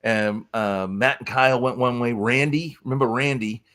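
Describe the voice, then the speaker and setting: A man with a New England accent telling wrestling stories as a guest in casual chat, acting out quotes in voices. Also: normal speed. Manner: animated, acts out quotes with high-pitched voices. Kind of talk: casual storytelling.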